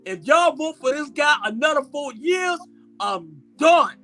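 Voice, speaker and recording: Male panelist, impassioned and preacherly, high bright voice. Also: lively intonation, faint music behind. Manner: fiery, preacherly, drawn-out emphasis. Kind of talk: impassioned political talk.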